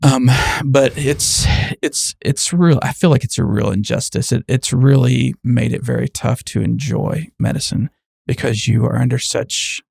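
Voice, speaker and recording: A man's voice: medium pitch, measured pace, creaky, darkish tone, breathy edge, dry recording, clean studio sound. A man who works in medicine, speaking as a guest in an earnest, casual conversation and explaining things plainly.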